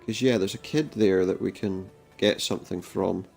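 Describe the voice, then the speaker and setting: A man doing casual gameplay commentary, reading the game's dialogue aloud in a flat voice with dry, jokey asides. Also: deep voice, normal speed, gravelly, breathy edge, soft background music. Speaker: let's play commentator.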